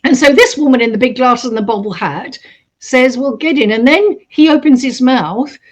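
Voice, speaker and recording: A woman recounting a true story in a casual, animated way, acting out the voices of the people in it. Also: sits high, normal speed. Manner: animated, acts out quoted voices. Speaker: storyteller host.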